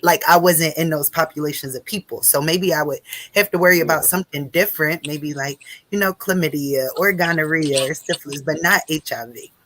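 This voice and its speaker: A woman's voice: low voice, fairly quick, a bit bright, no room sound, poor audio. A woman hosting a live conversation, talking in a casual, emotional way with many fillers. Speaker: host.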